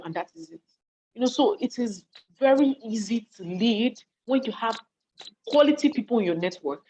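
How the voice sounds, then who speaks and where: Nigerian woman on a video call from her study, chatty and animated, hungry and yawning, muffled lo-fi sound. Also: mid-range voice, a little hiss or hum. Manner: lively and conversational, acts out what people say, asks listeners if they follow. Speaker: speaker on leadership and volunteering. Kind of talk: live online talk to an audience in a chat. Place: home study. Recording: dull lo-fi call audio.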